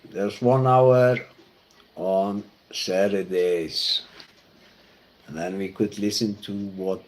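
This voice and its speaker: A man from Iceland with an Icelandic accent, a pastor telling personal stories in a halting, reflective way. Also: deep voice, fairly even intonation. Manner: halting and reflective, with many fillers and restarts. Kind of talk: personal storytelling talk.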